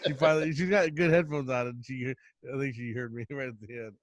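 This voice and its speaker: A man's voice: mid-range voice, steady tone, a loud crowd. Rambling middle-aged man telling stories. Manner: rambling storyteller, quick bursts, laughs often. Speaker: podcast host. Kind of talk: casual chat.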